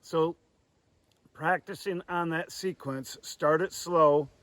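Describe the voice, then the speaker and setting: A man teaching goose calling outdoors by the woods, talking through each step and sounding out drawn, breathy calls. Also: on the high side, fairly even intonation, slow, background noise. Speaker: goose call instructor. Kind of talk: hands-on tutorial.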